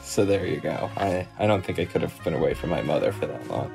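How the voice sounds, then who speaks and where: Deep gravelly young man, dry wit. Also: fast talker, music in the background. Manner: dry, wry remarks with self-deprecating humor. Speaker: grandson and co-host. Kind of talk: casual chat.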